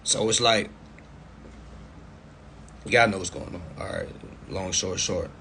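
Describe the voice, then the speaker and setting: A man coaching viewers in a casual live stream over a phone mic, blunt and profane, repeating himself and breaking into loud, emphatic bursts. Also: low-pitched, takes it slowly, a little hiss or hum.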